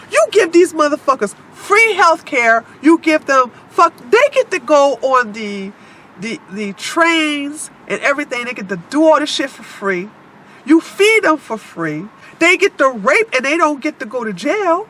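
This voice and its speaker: A high-pitched woman delivers a vlog monologue, her voice very animated and bright. She speaks bluntly and swears emphatically. She addresses her viewers directly. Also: a little slow. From United States. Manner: blunt, heavily profane, emphatic. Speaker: vlogger.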